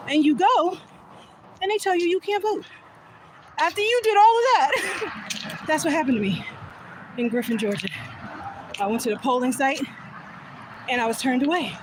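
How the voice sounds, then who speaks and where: A woman's voice: high-pitched, big pitch swings, moderate pace, pauses often, background noise. A woman telling a personal story in a vlog, candid and laughing often, recorded on a phone in a car. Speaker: vlogger.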